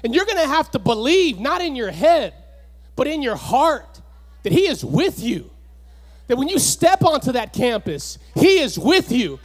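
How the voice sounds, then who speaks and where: A pastor preaching a sermon with passion, repeating lines and building up to shouts. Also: male voice, extremely high pitch, sing-song, a little slow.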